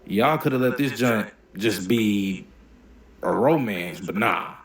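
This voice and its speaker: A man hosting a movie reaction video, giving blunt, profane, animated opinions in casual commentary. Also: fairly low pitch, slow pace, reverberant.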